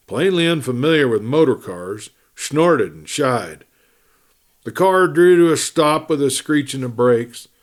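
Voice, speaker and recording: A man hosting a storytelling show, reading a western novel aloud in steady, measured narration. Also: mid-range voice. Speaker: storyteller host.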